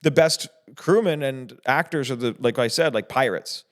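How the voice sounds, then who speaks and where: A man's voice: mid-range voice, moderate pace. A man who is a filmmaker guest on a podcast, chatting in a laid-back, slangy way and laughing often. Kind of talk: casual podcast chat.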